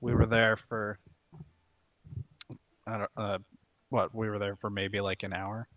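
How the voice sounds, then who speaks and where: A man's voice: fairly low pitch, flat delivery, a little slow, dry recording, dull audio, natural voice. A man playing a courteous, curious adventurer.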